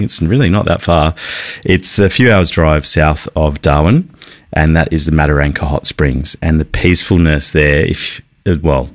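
Very deep-voiced male radio host. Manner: relaxed, rambling with fillers and restarts. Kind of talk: casual travel radio chat.

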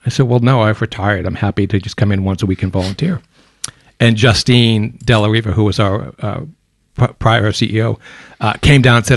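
A man in his fifties with a softened American accent speaks in a fairly low voice, recorded dry in a radio studio. He tells his story chattily, with light self-mocking humour. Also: fairly even intonation, fast talker, dry recording. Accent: softened American, mixed. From Boston, USA. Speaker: guest, volunteer coordinator. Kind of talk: casual radio interview.

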